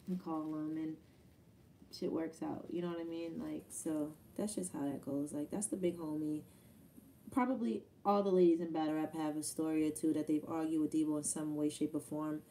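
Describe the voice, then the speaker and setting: A woman's voice: deep voice, mellow, distant mic, slight background noise. A young woman, a battle rapper telling stories in a loose, profane, casual way. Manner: loose, profane storytelling with quoted asides. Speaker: battle rapper answering fan questions. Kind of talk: casual Q&A chat.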